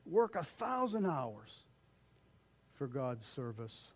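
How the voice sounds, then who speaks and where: An older man preaching a conversational sermon as pastor, acting out quoted voices and swinging between loud calls and hushed lines. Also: mid-range voice, sing-song, slow pace, slight background noise.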